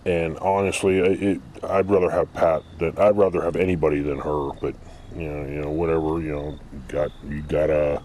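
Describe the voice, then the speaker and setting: A man's voice: very deep voice, level tone, moderate pace, mellow, a little hiss or hum. A man outdoors, giving a blunt, rambling opinion monologue in a casual style. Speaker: vlogger.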